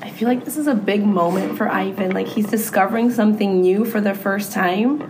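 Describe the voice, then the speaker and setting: A woman who teaches third grade, reading a children's book aloud with friendly, expressive commentary. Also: mid-range voice, brisk, noisy background.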